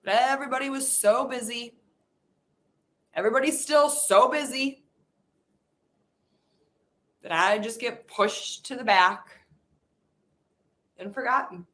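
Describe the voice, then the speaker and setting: A woman with a bright, tense voice talks slowly through a guided emotional release exercise. She vents hurt and frustration aloud in a raw, unfiltered way, lingering on each phrase. The pitch of her voice sits slightly high. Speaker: podcast host.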